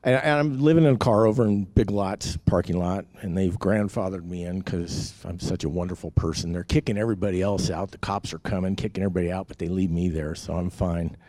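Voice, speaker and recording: A man's voice: low voice, fairly quick, few pauses, warm tone, dry recording. A man giving a rambling, candid personal testimony, full of fillers and restarts. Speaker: testimony speaker.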